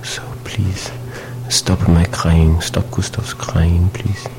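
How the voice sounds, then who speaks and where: Man voicing a lonely French inmate, very deep voice, French accent, halting and soft, music under. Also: level tone, whispered. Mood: hesitant. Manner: halting, soft, hesitant, with many fillers. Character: lonely French male prisoner, gentle, earnest. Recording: music playing behind.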